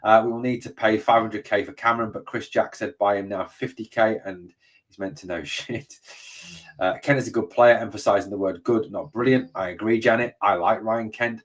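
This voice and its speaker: Blunt, sweary man, husky voice. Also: on the low side, distant mic. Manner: blunt and swears freely, says "mate" and "obviously" a lot. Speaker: host of a fan channel. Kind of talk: live stream chat reading comments.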